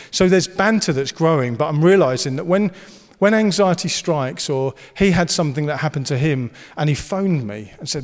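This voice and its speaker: A man's voice: on the high side, brisk, few pauses. Guy preaching in a church hall, earnest and jokey, reverb trailing off. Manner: earnest and encouraging, with playful banter. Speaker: pastor. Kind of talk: sermon.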